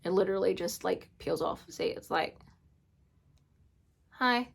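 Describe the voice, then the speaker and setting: A woman beauty vlogger in an excited unboxing chat, gushing and often gasping and squealing. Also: medium pitch, measured pace, gravelly, breathy edge.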